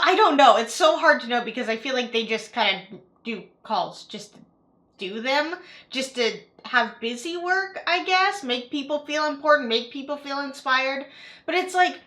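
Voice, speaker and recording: A woman's voice: sits high, sharp tone. A young woman giving casual reaction commentary as a YouTuber, chatty and full of "like" fillers. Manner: chatty, filler-heavy with frequent "like", repeats herself.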